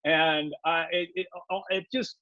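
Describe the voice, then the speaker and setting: A man being interviewed on a podcast, telling a personal story in an animated way and acting out his own past words. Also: a little high, unhurried, no room sound, highs cut off. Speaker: guest.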